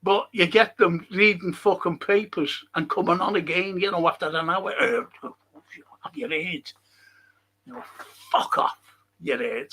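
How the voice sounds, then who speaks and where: A man's voice: high-pitched, moderate pace, sharp tone, low-quality recording. A man hosting a casual livestream chat, reading out viewer comments and ranting bluntly with plenty of swearing. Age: older.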